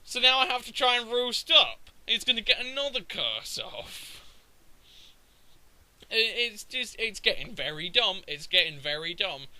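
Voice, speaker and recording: A man's voice: high-pitched, sing-song, unhurried, sharp tone, low-quality recording. A young man giving a sweary, exasperated commentary over his own game recording. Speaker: gaming commentator.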